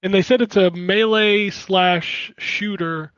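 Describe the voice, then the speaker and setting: A man co-hosting a gaming podcast in casual chat, talking in an animated, exclamatory way. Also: high voice, slow pace, no room sound, lo-fi sound. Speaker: podcast co-host.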